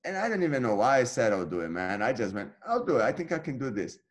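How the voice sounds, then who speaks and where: A man in his thirties, a guest on an interview, telling his story casually and acting out past conversations with lively energy. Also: medium pitch, fast. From Brazil. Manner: animated, acts out his own past dialogue. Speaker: interview guest, jiu-jitsu black belt.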